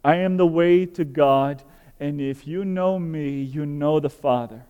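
A tender, comforting male teacher speaks sweetly to his followers, as a preacher gives him voice. The voice is smooth, mellow and a little raised, and it rings with the long reverb of a large hall. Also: a little high, unhurried, lo-fi sound, lightly acted. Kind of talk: sermon scripture reading.

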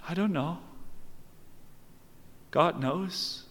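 A man preaching a sermon, slow and emphatic, swinging from hushed lines to raised ones. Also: fairly high pitch, fairly even intonation. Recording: long hall reverb.

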